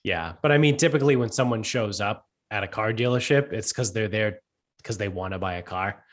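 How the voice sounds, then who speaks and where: A man's voice: lowish voice, a little fast. A man in casual conversation, laid-back and agreeable, often laughing along. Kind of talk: casual chat.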